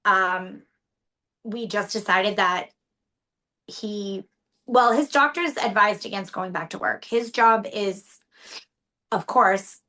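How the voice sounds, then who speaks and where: A woman's voice: medium pitch, slow, pauses often, sharp tone. A woman in her thirties, partner of a stroke survivor, speaking candidly and emotionally in an interview, with frequent restarts. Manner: candid, tearful at times, many restarts.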